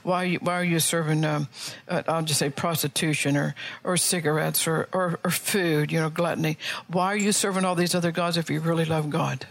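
A woman's voice: deep voice, fairly even intonation, brisk, no echo. A middle-aged woman pastor preaching earnestly, asking her listeners rhetorical questions. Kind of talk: sermon.

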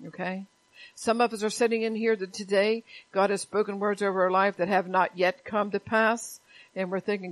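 A woman's voice: medium pitch, flat delivery, moderate pace, rough recording. A woman pastor preaching a sermon in church, talking plainly and conversationally and often repeating her words.

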